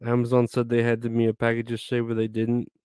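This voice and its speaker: A man's voice: medium pitch, completely flat delivery, fast talker, darkish tone, smooth, no echo. A man chatting casually with viewers on a live stream, rambling, grumbling and swearing a lot.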